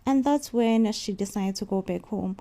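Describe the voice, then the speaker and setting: A woman's voice: mid-range voice, normal speed, dark tone. Emphatic South African woman reviewer. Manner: emphatic, repeats herself, mixes in Zulu phrases. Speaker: YouTube soap opera reviewer. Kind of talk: casual spoken review.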